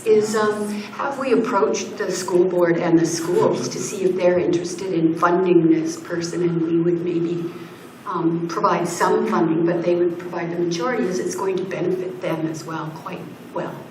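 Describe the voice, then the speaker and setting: A woman's voice: fairly low pitch, steady tone, normal speed, darkish tone, a little hiss or hum. A woman on council asking questions at a budget meeting in a chatty, questioning way. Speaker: council member. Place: council chamber. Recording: distant roomy chamber mic.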